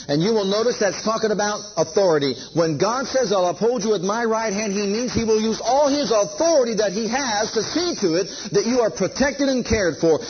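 A man's voice: sits high, muffled recording, noisy background. A man preaching a sermon, emphatic and repeating key phrases, leading listeners to say lines after him.

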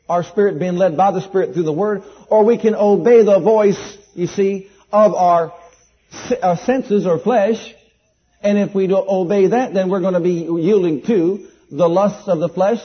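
A man's voice: sits high, husky. A man preaching a sermon in an earnest, emphatic way, repeating key phrases and quoting scripture. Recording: dull lo-fi sound.

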